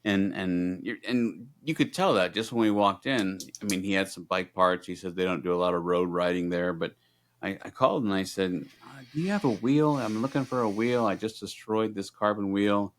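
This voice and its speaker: Low-voiced man telling an animated story. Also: normal speed. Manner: animated storyteller acting out both sides of conversations. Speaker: podcast co-host. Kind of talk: casual storytelling chat.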